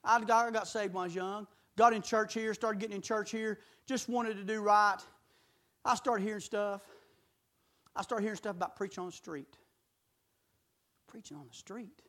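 A middle-aged man preaching a sermon, folksy and full of rhetorical questions, swinging from shouts to low intimate talk. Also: fairly even intonation, normal speed.

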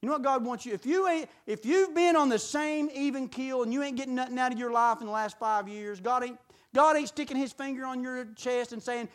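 This sermon comes from a middle-aged man with a brisk, folksy style; he leans on rhetorical questions and moves from loud shouts down to quiet, close talk.

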